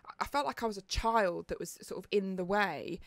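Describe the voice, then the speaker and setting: A woman's voice: mid-range voice, a little fast, no echo. A woman in her thirties with a Northern English accent, telling a dramatic story in casual podcast chat. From England. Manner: animated, dramatic retelling with acted quotes. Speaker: podcast co-host. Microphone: studio mic.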